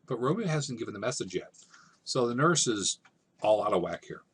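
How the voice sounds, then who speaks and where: A man teaching over slides, explaining a scene in relaxed, conversational everyday language. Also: medium pitch, fairly quick, husky. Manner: relaxed, conversational, paraphrasing in plain modern speech. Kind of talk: casual classroom explanation.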